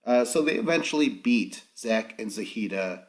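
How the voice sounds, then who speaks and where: A man's voice: fairly low pitch, lively intonation, moderate pace. Man ranting through a profane show recap. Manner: profane ranting, acts out quotes in mocking voices. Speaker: podcast host. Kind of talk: casual reality-show recap.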